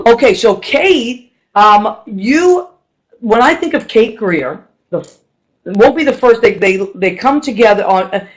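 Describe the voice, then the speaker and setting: A middle-aged woman from Boston hosting a radio talk show, chatty and excitable, laughing often. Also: medium pitch, rough recording. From Boston, Massachusetts. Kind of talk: casual chat.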